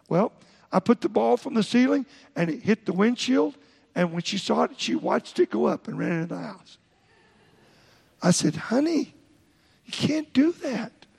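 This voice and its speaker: A man's voice: extremely high pitch, creaky, a little mellow, slightly rough, long reverb tail. An older man preaching a sermon, telling folksy stories and quoting voices. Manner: folksy storytelling with quoted voices. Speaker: pastor.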